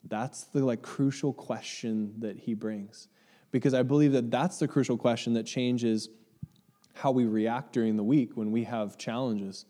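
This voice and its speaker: A man's voice: medium pitch, fairly even intonation, unhurried, warm tone. A man preaching a conversational sermon to his congregation, with frequent ums and likes and questions to the room. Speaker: pastor. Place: church sanctuary.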